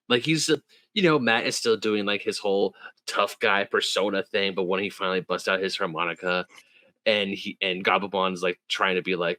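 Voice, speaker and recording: Podcast co-host, male, low voice with a bright, forceful edge, dry close mic, animated. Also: a little fast, dry recording. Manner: animated, jumps into high-pitched quoted voices. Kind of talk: casual chat.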